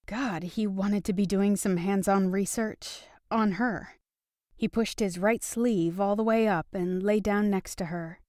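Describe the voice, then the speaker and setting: A woman narrating a romance audiobook in an even, steady storytelling manner. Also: medium pitch, unhurried, no room sound, clean studio sound. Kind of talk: scripted narration.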